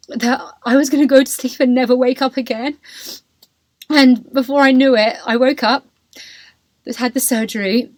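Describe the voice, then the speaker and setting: A woman's voice: sits high, dry recording. Candid woman telling her story. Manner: candid and emotional, heavy use of "like" and "you know". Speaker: podcast host. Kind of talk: personal storytelling.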